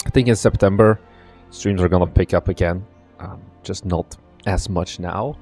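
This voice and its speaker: Hoarse young game-dev streamer, lowish voice, chatty and rambling, faint music under. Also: male voice, normal speed, a little mellow. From Belgium. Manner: chatty, greets chat by name, rambling asides. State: strained, partly lost voice. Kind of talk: casual live stream chat.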